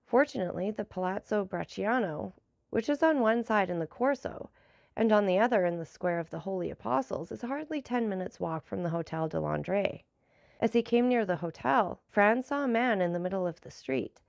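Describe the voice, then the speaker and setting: A woman narrating a classic novel aloud, measured and lightly voicing the dialogue. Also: mid-range voice, lively intonation, creaky, a little mellow, dry recording, studio quality. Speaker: audiobook narrator.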